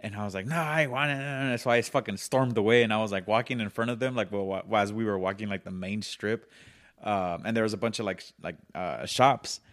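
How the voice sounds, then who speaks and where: A man's voice: fairly low pitch, steady tone, fairly quick. A man co-hosting a podcast, telling a childhood story in casual chat, acting out voices and laughing often. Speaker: podcast co-host.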